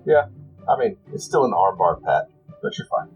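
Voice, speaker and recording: A man running a tabletop game, narrating and ruling in a relaxed, wry way. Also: sits low, normal speed, faint music behind, rough recording. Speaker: game master.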